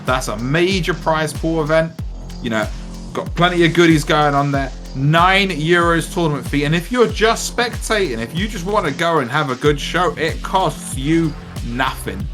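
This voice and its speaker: A man's voice: fairly high pitch, expressive, moderate pace, a bit bright, faint music behind. An Englishman commentating a live fighting-game tournament, chatty and jokey, reading out schedules and calling the action with sudden exclamations. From England. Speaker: esports commentator.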